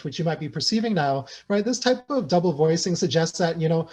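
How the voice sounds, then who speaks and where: A man presents his research in a lecture over a video call. His voice sits a little high for a man. He thinks aloud as he goes, tagging points with "right?" and filling pauses with "you know". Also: expressive, darkish tone. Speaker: sociolinguistics researcher presenting a talk. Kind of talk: academic lecture.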